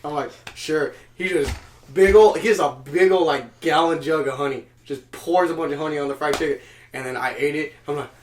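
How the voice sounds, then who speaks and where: A young man co-hosting a podcast, telling stories in a relaxed, slangy way. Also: fairly high pitch, a little fast. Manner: laid-back storyteller with slang like "bruh" and "yo". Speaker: podcast co-host. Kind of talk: casual chat.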